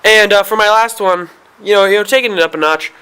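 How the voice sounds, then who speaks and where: A man's voice: high-pitched, quick pace, sharp tone, clean tone. A man hosting a video, talking casually to the camera in a hesitant way, with many fillers and restarts. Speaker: video host.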